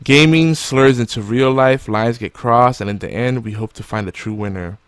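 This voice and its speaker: A man's voice: medium pitch, normal speed, smooth, dry recording. Rambling male podcast host, dry sound. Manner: rambling, many fillers, joking. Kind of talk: casual podcast chat.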